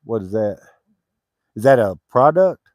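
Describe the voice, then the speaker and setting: A man's voice: on the low side, big pitch swings, measured pace, background noise. A man working on his homestead cabin, chatting casually, laughing easily and calling to his dogs. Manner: easygoing, laughs often, calls to dogs. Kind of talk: casual chat while working.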